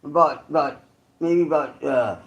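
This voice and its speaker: A man's voice: on the high side, normal speed, dull audio. A man from California who hosts his channel, telling a story in a rambling, slangy monologue full of restarts and asides. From Santa Clara, California. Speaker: online creator host.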